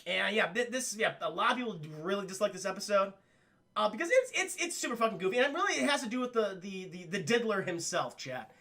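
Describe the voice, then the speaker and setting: Streamer reviewing a cartoon for chat: animated, swearing, bright gravelly voice that swings all over. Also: male voice, high voice, fast. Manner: animated, keeps addressing chat, swears a lot. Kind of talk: profane casual live-stream commentary.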